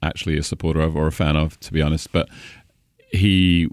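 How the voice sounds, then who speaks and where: A middle-aged man from England with a Cambridge-area English accent, a stadium announcer chatting as a guest, talkative and quick to laugh. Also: extremely low pitch, little pitch movement, no echo, clean studio sound. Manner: chatty, laughs often, enjoys rolling names off the tongue. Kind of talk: casual interview chat.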